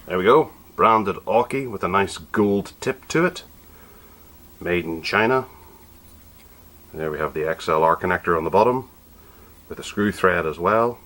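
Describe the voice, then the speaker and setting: A man's voice: low voice, moderate pace, long pauses. A man, casually reviewing a budget microphone as a tech podcast host, chatty and often correcting himself mid-sentence. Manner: chatty, self-correcting, relaxed asides.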